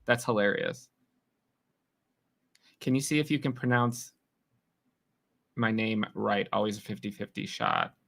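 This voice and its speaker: Streamer guy from New York, bright tone, chatty and teasing with his viewers. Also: lowish voice, wildly swooping pitch, creaky. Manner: chatty, teasing, quick reactions to chat. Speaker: livestream host. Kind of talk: casual livestream chat reading comments.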